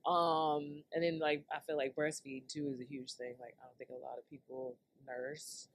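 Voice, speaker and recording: A woman's voice: rumbling low, level tone, normal speed, slight background noise. A woman hosting her own podcast, ranting casually and loosely to her listeners, laughing and swearing as she goes. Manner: loose, laughing, profane, talks straight to listeners. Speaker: podcast host. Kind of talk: casual solo rant.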